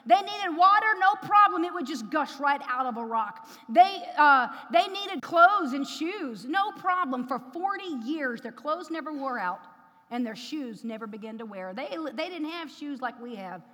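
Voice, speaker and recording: High bright woman preaching in a hall. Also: lively intonation, a little slow. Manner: builds to loud emphatic preaching. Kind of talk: sermon with personal testimony. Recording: long hall reverb.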